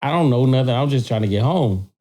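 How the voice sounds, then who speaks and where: Profane animated man telling a story. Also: mid-range voice, quick pace. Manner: animated, profane, repeats words when excited. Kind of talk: casual storytelling chat.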